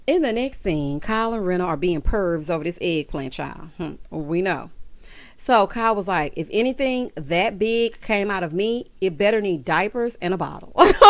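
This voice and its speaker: A woman's voice: mid-range voice, a bit bright. A woman recapping a reality show episode in sassy, emphatic casual commentary, with lots of "honey" and "child" asides and frequent laughs. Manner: laughs often.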